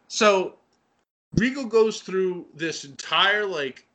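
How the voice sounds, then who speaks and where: A man chatting casually and excitedly as he recaps a wrestling show, with lots of fillers and laughter. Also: high voice, very slow. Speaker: wrestling podcast co-host.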